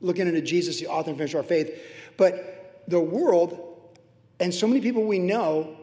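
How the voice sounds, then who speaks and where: A man's voice: sits high, a little fast, dark tone. A middle-aged man preaching a sermon as pastor, conversational and humorous, with personal asides. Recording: roomy hall reverb.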